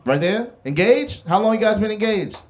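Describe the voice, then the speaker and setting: Teasing the crowd with brash, profane humor, a young Bronx-born comedian from New York works a club stage in front of a live audience. His voice sits high, with lively intonation and a moderate pace.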